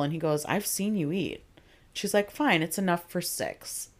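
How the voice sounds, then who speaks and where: Chatty young woman recapping a show. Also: lowish voice. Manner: retells scenes in quick quoted asides, laughs often. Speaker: podcast co-host. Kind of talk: casual chat recapping a TV episode.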